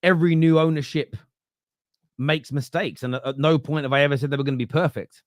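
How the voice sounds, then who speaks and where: Reading out viewer comments on his fan football podcast, this man talks bluntly and opinionatedly in a relaxed live-stream manner, frequently starting with "uh" and starting sentences over. His fairly high voice holds a steady tone at a slightly quick pace. The sound is clean studio audio with no room sound.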